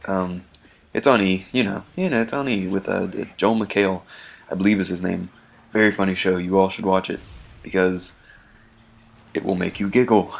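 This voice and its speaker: Male gameplay commentator, low gravelly voice, loose chatty rambler. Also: a little hiss or hum. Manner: rambling and chatty, many ums and restarts, chuckles often.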